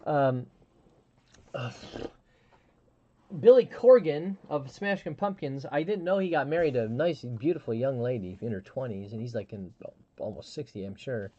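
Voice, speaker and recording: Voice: medium pitch, lively intonation, normal speed, warm tone, no echo, lo-fi sound. A live stream host chatting casually, telling a rambling story with frequent restarts and fillers.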